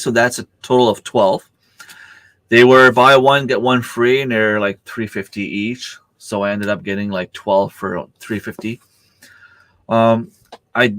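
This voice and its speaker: A man's voice: medium pitch, fairly bright tone, no echo. Rambling man chatting live. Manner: rambling, many fillers and restarts. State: has the hiccups. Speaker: livestream host. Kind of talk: casual livestream chat.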